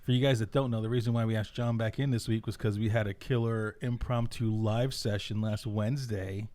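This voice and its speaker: A man's voice: lowish voice, fairly even intonation, brisk, mellow. A man hosting a casual podcast chat, upbeat and slangy, laughing often. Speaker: podcast host.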